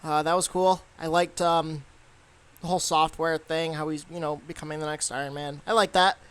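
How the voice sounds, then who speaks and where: A man's voice: a little high, steady tone, moderate pace, fairly bright tone, clear, resonant tone. A young man giving a casual, rambling movie review, full of fillers and restarts.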